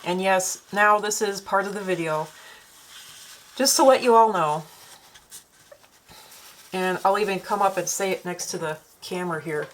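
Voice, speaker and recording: A woman's voice: mid-range voice, normal speed, long pauses, poor audio. A woman with a northern Minnesotan accent, talking in a rambling, chatty way to her own camera at home while she paints. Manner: meandering, chatty, many fillers and restarts. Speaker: vlogger and artist. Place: at home, indoors. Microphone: camera she set up herself.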